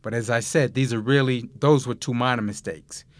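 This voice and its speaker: A man with a medium-pitched voice narrates a scripted Spanish lesson for a recorded language course. He explains grammar mistakes and gives listen-and-repeat prompts, speaking in a measured, clearly enunciated way.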